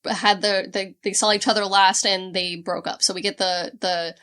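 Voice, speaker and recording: A woman's voice: medium pitch, flat delivery, moderate pace, a bit bright, smooth. A woman co-hosting a book club podcast, walking through a novel's plot in a casual, meandering way. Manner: plot summary full of fillers and restarts. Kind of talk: casual chat.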